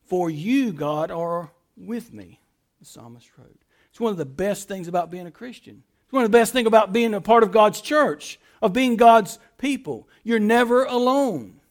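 A man preaching a sermon as pastor, swinging between loud emphatic lines and soft quiet ones, repeating phrases and restarting words. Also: sits high, animated, normal speed.

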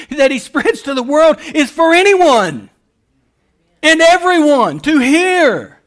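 A man preaching a sermon, moving between quiet, explanatory passages and loud, emphatic calls. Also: very high voice. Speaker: pastor.

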